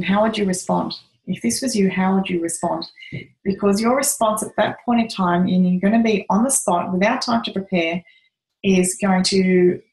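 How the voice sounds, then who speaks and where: A woman's voice: medium pitch, echoey room, rough recording. A woman giving earnest advice to parents, telling stories with frequent "um"s. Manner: earnest, storytelling with many "um"s and acted quotes. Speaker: parenting educator.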